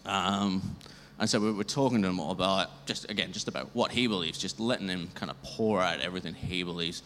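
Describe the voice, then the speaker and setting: A man sharing a church testimony, rambling and lively, acting out the dialogue. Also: sits low, fairly quick. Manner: rambling, animated, acts out dialogue. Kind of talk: storytelling testimony. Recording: reverberant hall, faint noise.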